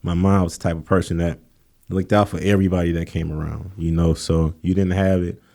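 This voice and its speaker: A man with a fairly low, dark and mellow voice tells stories in a relaxed interview. He acts out the people in his stories, jumping higher and louder for their lines. Easygoing and animated. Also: fairly quick, vocal fry. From Kenosha, Wisconsin. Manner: animated storytelling, acts out quotes in a raised voice. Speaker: guest, college coach. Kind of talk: casual storytelling interview.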